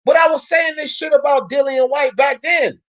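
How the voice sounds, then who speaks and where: A woman talk-show host tears into a boxing rant, swearing freely and raising her voice to a shout again and again. Her pitch sits a little high for a woman. She speaks with heated, relentless conviction. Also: steady tone, normal speed. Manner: loud, profane, ranting, often shouting.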